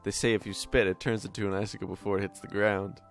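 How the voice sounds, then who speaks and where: Gravelly low-voiced gaming host. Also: male voice, fast. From Canada. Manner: chatty, swears freely, easily excited. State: voice tired from many takes. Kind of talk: casual gameplay commentary. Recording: faint background music.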